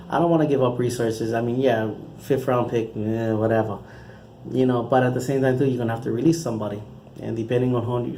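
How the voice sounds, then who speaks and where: A man's voice: medium pitch, warm tone, slight background noise. A man hosting his own channel, talking through his football predictions in a casual, rambling way with frequent restarts. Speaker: channel host giving football picks.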